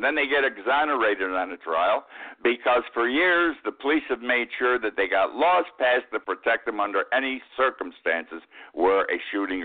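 A man hosting a radio talk show, giving opinionated commentary and jumping up in pitch on the words he stresses. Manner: emphatic, rises sharply on key words. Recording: tinny phone-like radio sound.

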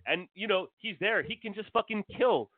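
A man's voice: high-pitched, lively intonation, moderate pace, no room sound. A man co-hosting a podcast, talking emphatically and profanely, and poking fun at himself. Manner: emphatic, profane, self-mocking. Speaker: podcast co-host. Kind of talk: casual movie chat. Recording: tinny phone-like line.

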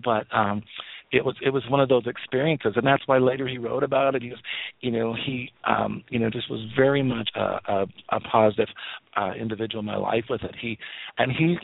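Over a dry, tinny phone line, a man in his fifties speaks with a gravelly, mid-range voice, fairly even intonation, and a fairly quick pace, with no echo. As a psychic radio guest, he casually rambles through family tales full of restarts and laughter.

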